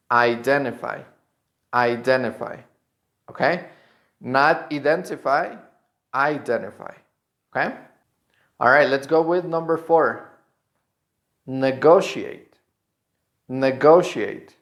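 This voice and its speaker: Man teaching pronunciation. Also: medium pitch. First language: Spanish. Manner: slow, drawn-out model words repeated twice with a checking "okay?". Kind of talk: online pronunciation lesson.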